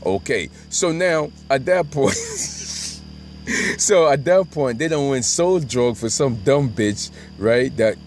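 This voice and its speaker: A man's voice: medium pitch, lively intonation, takes it slowly, a little hiss or hum. A middle-aged man telling a rambling, profane story and often asking "right?". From Brooklyn, New York.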